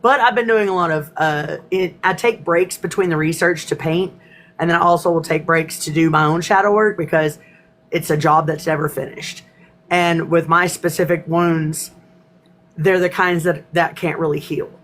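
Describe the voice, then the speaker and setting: A woman's voice: lowish voice, moderate pace, a bit bright. A woman from East Texas, hosting a live spiritual class in casual chat, emotional and laughing often, near tears.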